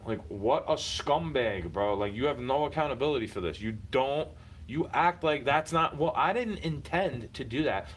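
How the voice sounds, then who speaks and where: A man's voice: medium pitch, animated, moderate pace, husky, poor audio. A man venting in a heated, repetitive personal rant, speaking straight at someone he is fed up with and swearing often. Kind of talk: frustrated personal rant to camera.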